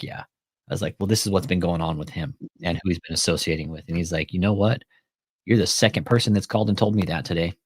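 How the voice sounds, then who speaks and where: A man with a fairly low voice chatting casually as a commentary host, recorded dry and close. He swears often and tells his story by acting out both sides of a phone call. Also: no room sound. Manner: profane, retells phone calls with quoted dialogue.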